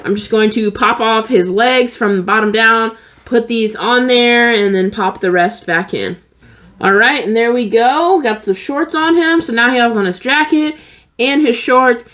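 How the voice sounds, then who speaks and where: Chatty woman with a higher voice. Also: unhurried, a bit bright. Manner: chatty, many fillers like "like" and "um"; laid-back and candid. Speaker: toy unboxing vlogger. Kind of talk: casual unboxing chat.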